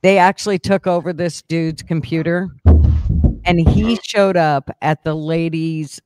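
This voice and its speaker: Guy rambling thru a story, swears a lot, laughs, kinda high voice, dry sound. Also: steady tone, unhurried, darkish tone, clear, resonant tone, no room sound. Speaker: host. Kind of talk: casual chat.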